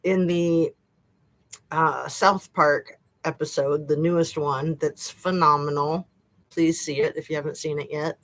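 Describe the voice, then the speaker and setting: A woman's voice: low voice, steady tone, measured pace, fairly bright tone, poor audio. A middle-aged woman chatting casually to viewers on a live stream from her home, rambling and laughing often. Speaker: YouTube live-stream host. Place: home room.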